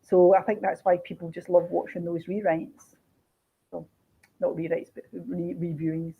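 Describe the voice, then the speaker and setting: A woman, a crime author chatting casually in an interview, animated and laughing as she talks. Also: lowish voice, normal speed, creaky, husky. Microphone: video call. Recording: dull lo-fi video call audio.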